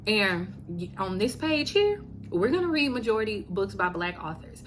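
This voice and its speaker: A woman from Louisiana chatting casually to viewers as she reviews books on her channel, animated and talking straight to the camera. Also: medium pitch, normal speed, a little hiss or hum. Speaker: book vlogger. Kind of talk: casual book review chat.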